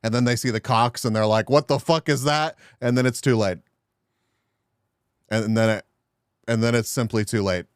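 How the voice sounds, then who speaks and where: A man's voice: fairly low pitch, little pitch movement, moderate pace, long pauses, clear, resonant tone, dry recording, clean studio sound. A man live-streaming and chatting casually with his viewers, making crude jokes and laughing often.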